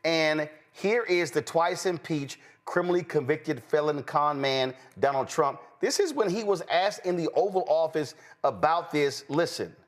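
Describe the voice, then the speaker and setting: A man's voice: on the high side, animated, measured pace, hardly any pauses. A man hosting a political talk show, speaking indignantly and emphatically, often stammering as he restarts sentences.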